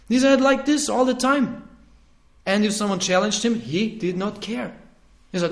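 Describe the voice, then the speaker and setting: A man giving an informal scripture lecture, talking conversationally, chuckling often, pausing to correct himself, and moving between quiet asides and emphatic bursts. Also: high voice, lively intonation. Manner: frequent hesitations and self-corrections.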